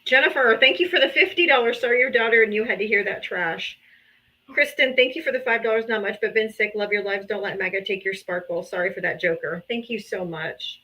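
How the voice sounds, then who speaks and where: Through a streaming setup, a woman with a fairly high pitch and a bright, forceful tone reads incoming donations during a livestream. Her thank-yous to supporters are casual, emotional, and grateful, punctuated now and then by laughter or sighs.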